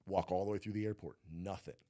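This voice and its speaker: A former cannabis cultivator, interviewed as a guest, tells a rambling story casually, leaning heavily on "like" and swearing some. He talks fast in a low, warm voice with fairly even intonation, recorded dry with studio quality.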